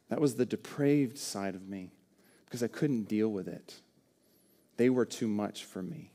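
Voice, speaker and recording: A man's voice: lowish voice, measured pace, warm tone. Earnest man preaching a sermon. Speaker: pastor.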